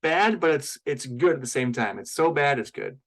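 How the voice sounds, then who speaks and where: A man's voice: fairly high pitch, lively intonation, normal speed, soft background music. A man co-hosting a podcast, chatting casually and laughing easily. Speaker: podcast co-host.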